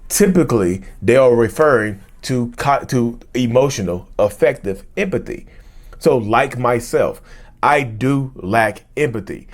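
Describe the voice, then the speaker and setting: A man hosting a mental health vlog, talking loosely to his viewers, repeating and restarting phrases and calling them y'all. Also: medium pitch. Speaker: mental health vlogger and host. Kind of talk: casual direct-to-camera monologue.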